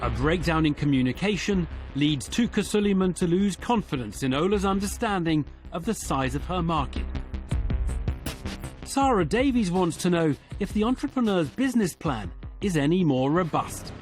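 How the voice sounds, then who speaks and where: A man reading scripted TV narration in a measured way. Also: fairly high pitch, animated. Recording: music bed under narration.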